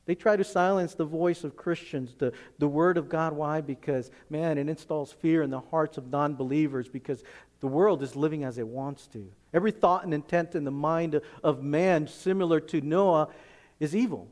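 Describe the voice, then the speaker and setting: A male pastor preaching a sermon emphatically, swinging from loud, forceful lines to hushed ones. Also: fairly high pitch, moderate pace.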